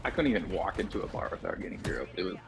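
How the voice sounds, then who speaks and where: A man joining a stream chat with blunt, lively reactions. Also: deep voice, rapid-fire, gravelly. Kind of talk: casual chat. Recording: stream with loud music behind.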